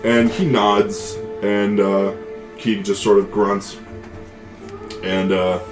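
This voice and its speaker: Low-voiced man running a tabletop game. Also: little pitch movement, takes it slowly, reverberant, over music. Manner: casual, filler-heavy, laughs often. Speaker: game master.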